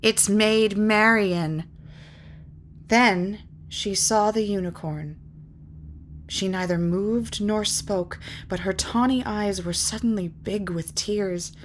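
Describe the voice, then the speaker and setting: A woman narrates a fantasy novel aloud in a measured, lyrical way. Her voice sits at a mid pitch. A faint hiss of noise runs under it. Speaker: reader. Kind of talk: audiobook narration.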